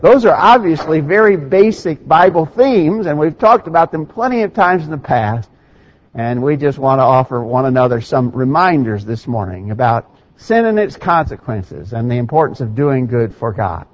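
A man's voice: medium pitch, animated, moderate pace. A man preaching a Sunday morning sermon in a plain conversational way, with a dry ironic opening and scripture read aloud, in a church sanctuary. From Middle Tennessee. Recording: dull lo-fi church recording.

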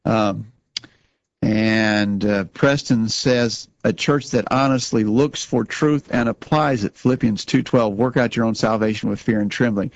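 A man's voice: lowish voice, a little slow, no room sound, lo-fi sound. A man co-hosting a religious talk show, speaking earnestly and often repeating words as he starts a sentence. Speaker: radio show co-host.

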